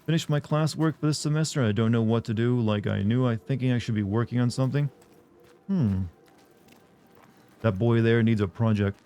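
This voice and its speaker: A man's voice: mid-range voice, moderate pace, warm tone, smooth. Joking young man streaming games. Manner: rambling, joking, chats with viewers. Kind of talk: casual live-stream chatter.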